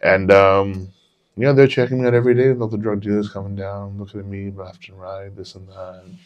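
A man's voice: lowish voice, little pitch movement, fairly quick. A man co-hosting a podcast, telling a long personal story in a rambling, casual way and swearing freely. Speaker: podcast co-host. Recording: dull lo-fi podcast audio.

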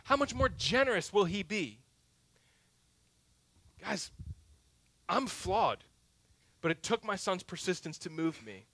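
A pastor in his thirties preaches with a high, bright voice, telling a self-mocking story. His delivery swings between loud, punchy lines and hushed, quiet asides. The sound is dry and close, with little room echo. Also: very animated, slow, long pauses. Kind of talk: sermon. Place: church sanctuary.

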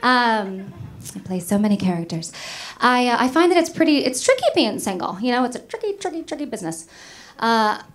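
A woman's voice: a little high, very animated, fairly quick. Chatty New York woman doing stand-up. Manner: chatty, self-mocking, laughs at her own jokes. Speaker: stand-up comedian. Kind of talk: stand-up comedy set. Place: comedy club stage with live audience.

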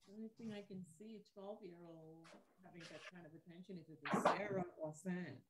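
A woman panelist in a casual discussion, offering soft backchannels and emphatic asides. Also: on the low side, fairly quick, very noisy.

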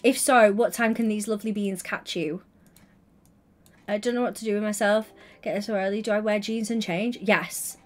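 A woman's voice: medium pitch, steady tone, normal speed, faint music behind. A woman chatting casually on a gaming livestream, gushing and affectionate as she greets viewers by name.

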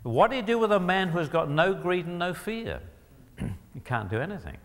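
A man giving an emphatic Christian teaching talk, often clearing his throat and putting rhetorical questions to his audience. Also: on the high side, sing-song, a little fast, fairly bright tone. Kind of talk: lecture-style teaching talk. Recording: long hall reverb.

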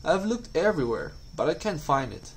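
A man's voice: a little high, very animated, normal speed, slight background noise, rough recording. A man doing a worried young turtle boy.

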